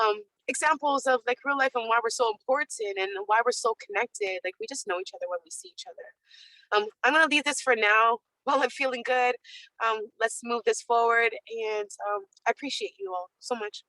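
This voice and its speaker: A woman's voice: fairly high pitch, a little fast, sharp tone, dry recording, low-quality recording. A woman on a video call, speaking as a panelist in earnest, heartfelt testimony with emphatic repetition. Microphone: webcam on video call.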